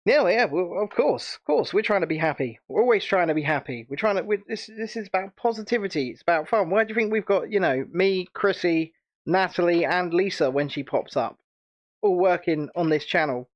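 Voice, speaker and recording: A man's voice: sits high, expressive, brisk, muffled recording. A British man hosting a casual livestream chat, chatty and rambling, and laughing often. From United Kingdom. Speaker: channel host.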